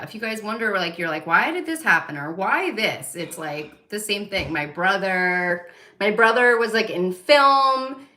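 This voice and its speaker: A woman from New Jersey with a Jersey accent, hosting a casual monologue to her viewers, animated, laughing often and swearing loudly. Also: medium pitch, reverberant. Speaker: psychic channel host.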